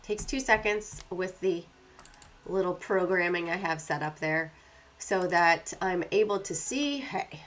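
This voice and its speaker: A woman's voice: fairly low pitch, a little slow, fairly bright tone. Stuffy-nosed woman hosting a market livestream. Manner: chatty, walks through her screen setup. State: congested, stuffy nose, clearing throat. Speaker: stock market livestream host. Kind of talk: casual livestream talk.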